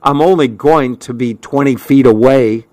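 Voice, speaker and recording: A man voicing a brisk, caring mother speaking to her children. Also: mid-range voice, a little mellow, no echo, lightly acted.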